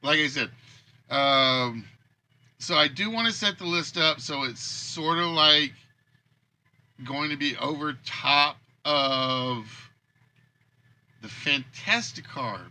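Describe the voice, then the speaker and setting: Bright-voiced man musing aloud. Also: fairly high pitch, takes it slowly, pauses often. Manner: rambling, thinking aloud with restarts. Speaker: game show host and creator. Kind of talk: casual livestream chat.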